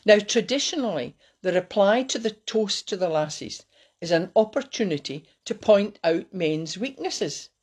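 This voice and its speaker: A woman giving a light, cheeky talk to her viewers and slowing down to recite verse. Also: medium pitch, expressive, darkish tone, slightly rough. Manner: cheeky, playful, slows down to recite. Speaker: host giving a Burns Supper talk. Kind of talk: casual talk with poetry recitation.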